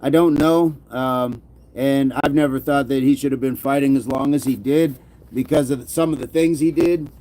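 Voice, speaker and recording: Speaking at a normal pace with fairly even intonation, a middle-aged livestream host has a dark, medium-pitched voice. He reads out viewer comments casually and jokes loosely, often dropping into a mock movie-gangster voice for punchlines.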